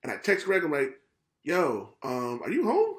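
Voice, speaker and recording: A man hosting a casual podcast, telling stories in an animated way, swearing and acting out what people said. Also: fairly high pitch, moderate pace, reverberant. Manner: animated, swearing, retells scenes in quoted voices. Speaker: podcast host. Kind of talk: casual storytelling chat.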